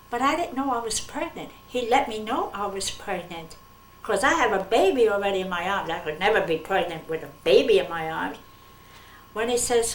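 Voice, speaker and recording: An older woman in a documentary interview, telling a personal story slowly and earnestly and acting out the dialogue. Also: mid-range voice, animated, a little hiss or hum. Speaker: interviewee, mother of the subject. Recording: echoey room from a distance.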